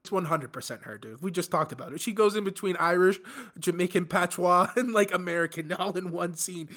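A man's voice: high voice, a little fast, a bit bright. A man co-hosting a film podcast in casual chat, teasing and easygoing, often laughing. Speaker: podcast co-host.

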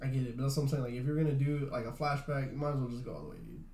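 Co-hosting a casual chat, a young man rambles at a rapid-fire pace, saying "like" constantly and swearing freely. His medium-pitched voice is a little mellow with lively intonation, and the recording carries a roomy echo.

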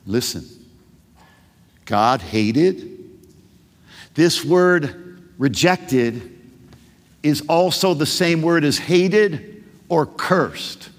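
A man's voice: fairly high pitch, lively intonation, very slow, long pauses. A man preaching a sermon as a pastor, passionate and full of rhetorical questions. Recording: long reverb of a large hall.

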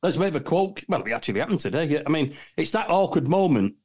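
A man's voice: on the high side, big pitch swings, quick pace, a little mellow, breathy edge. A man chatting on a podcast panel, rambling and laughing at his own jokes. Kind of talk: casual banter.

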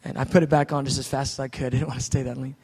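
A man preaching a sermon, telling his story with animated swings from soft asides to loud outbursts. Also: medium pitch, very fast, husky. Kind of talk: sermon testimony. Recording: long hall reverb.

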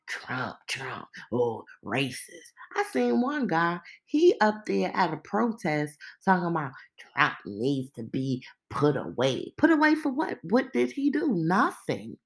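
Sassy, emphatic podcast woman, slow and lively. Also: on the low side. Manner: sassy, emphatic, colloquial with rhetorical questions. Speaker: podcast host. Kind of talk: opinionated monologue.

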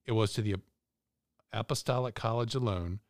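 A man reading a formal religious text aloud at a measured, even pace. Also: lowish voice, dry recording, clean studio sound. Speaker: podcast reader.

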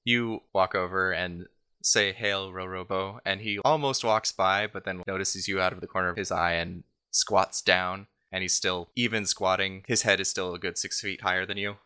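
A man's voice: low voice, fairly even intonation, normal speed, pushed and bright, clean tone. A man narrating as game master, describing scenes and voicing characters.

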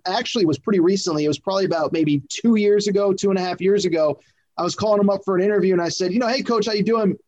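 High-voiced man in rambling sports talk. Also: a little mellow. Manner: rambling, many fillers and restarts, emphatic. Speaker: sports media podcast co-host. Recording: dull lo-fi audio.

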